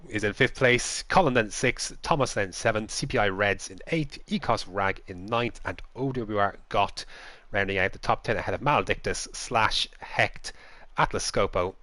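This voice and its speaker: A man commentates on an esports race in a low voice. He talks in lively play-by-play with the odd chuckle. The sound is dry and close to the mic. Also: normal speed, dry recording. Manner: lively play-by-play with light laughs.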